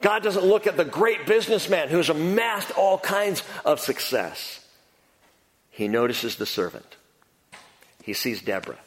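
A man's voice: a little high, sing-song, measured pace, in a large hall. A man preaching a sermon, working through scripture with an emphatic delivery and repeated key phrases. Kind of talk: expository sermon.

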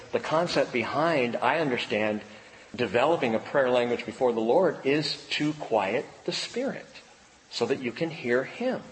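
A man preaching a sermon at a medium pitch, moving from hushed near-whispers up to emphatic peaks. His voice carries a long reverb, as if heard in a large hall. A faint ambient background sits behind him. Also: slight background noise. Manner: conversational preaching, quiet hushed passages, rising emphatic peaks. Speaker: pastor.

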